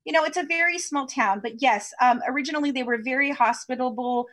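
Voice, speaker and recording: A woman's voice: sits high, quick pace, fairly bright tone. A woman from Kentucky, a podcast guest, chatting over a video call in a chatty storytelling way with many fillers. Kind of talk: casual interview chat over video call.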